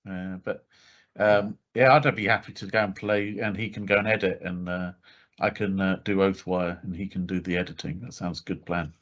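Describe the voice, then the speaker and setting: A man's voice: low voice, steady tone, moderate pace, fairly bright tone, highs cut off. A man co-hosting a podcast in casual chat, talking loosely with fillers and frequent laughs. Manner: chatty, laughs often, many fillers. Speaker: podcast co-host.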